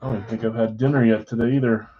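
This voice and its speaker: A man's voice: mid-range voice, fairly even intonation, racing, narrow, tinny audio, very noisy. Tired man hosting a live card stream. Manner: chatty, rambling, talks straight to viewers. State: tired, yawning. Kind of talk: casual live-stream chat, calling out team spots.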